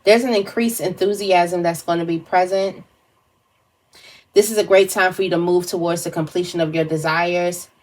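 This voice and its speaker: A woman's voice: lowish voice, fairly even intonation, moderate pace, darkish tone. A woman giving a casual tarot reading to camera, thinking aloud with fillers and restarts. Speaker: tarot reader.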